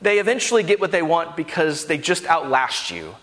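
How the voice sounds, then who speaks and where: A pastor preaching a sermon with an impassioned delivery that rises to near-shouts. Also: male voice, on the high side, big pitch swings, a little fast, long reverb tail. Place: church sanctuary.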